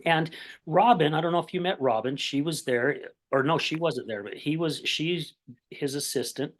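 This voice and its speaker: A man hosting a recovery podcast, telling a personal story in a lively conversational way, acting out what others said and often asking "right?". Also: fairly high pitch, normal speed. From Utah, USA. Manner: animated storyteller, acts out quoted voices, says "right?" often. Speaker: podcast host.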